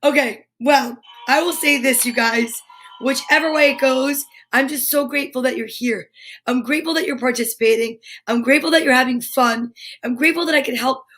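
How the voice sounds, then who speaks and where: High-voiced upbeat woman storytime host. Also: fairly quick, fairly bright tone. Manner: upbeat and encouraging, leads breathing and chants. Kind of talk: live children's storytime with affirmations and read-aloud. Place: home studio for a live stream.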